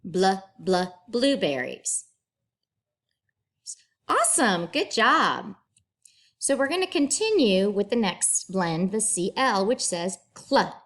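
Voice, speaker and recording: A woman teacher, patiently leading young children through a phonics lesson and sounding each blend out clearly. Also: medium pitch, sing-song, fairly bright tone. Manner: slow, clear enunciation with drawn-out sounds; patient, encouraging.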